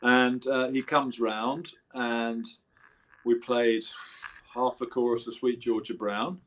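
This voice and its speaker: A man's voice: medium pitch, level tone, slow pace, a bit bright, rough recording. Older Englishman telling rambling stories. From England. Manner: rambling, self-correcting anecdotes. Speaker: guest musician. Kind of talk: casual storytelling interview.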